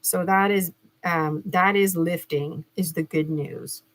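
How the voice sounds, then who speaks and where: A woman's voice: fairly low pitch, steady tone, slow. A middle-aged woman giving a casual gemstone reading, chatty and rambling, with many fillers and restarts. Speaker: spiritual reader.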